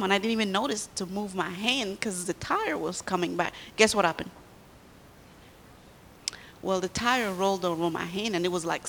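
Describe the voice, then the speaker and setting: Animated woman telling children a sermon story. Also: medium pitch, in a large hall, a little hiss or hum. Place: church.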